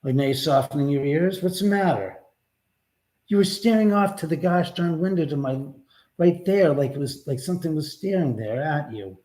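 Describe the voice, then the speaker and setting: Fairly high-pitched but dark in tone, the livestream host sounds animated and speaks at normal speed. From his house he chats casually, rambling and swearing freely while talking to his dog and answering viewers.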